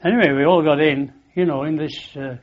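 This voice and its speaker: A man's voice: fairly high pitch, fairly even intonation, brisk. Older Lancashire man spinning a rambling yarn. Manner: chatty, repeats "I said", laughs at his own story. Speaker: interviewee. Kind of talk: rambling anecdotal reminiscence. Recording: dull lo-fi recording.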